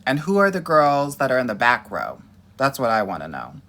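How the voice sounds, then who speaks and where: A man's voice: medium pitch, wildly swooping pitch, a little fast, fairly bright tone. A young man hosting a casual livestream as a dating coach, sassy and playful, calling his viewers honey and girl.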